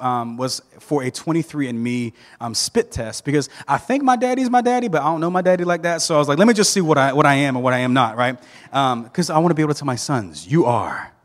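Guy preaching, joking around, trips over his words a lot, mid pitch, long echo in a big church. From Southern United States. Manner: animated, joking storyteller with frequent restarts. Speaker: pastor. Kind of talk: sermon. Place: church sanctuary.

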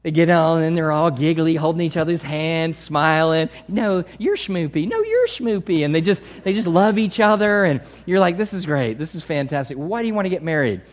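A male pastor preaching a sermon in a conversational way, swinging from soft asides to loud emphasis. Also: a little high, brisk, hardly any pauses.

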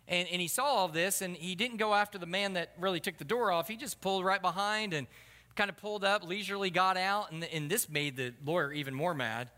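A man's voice: high-pitched, bright, forceful tone. A male pastor preaching a sermon in a conversational, self-deprecating way, in a church. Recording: long hall reverb.

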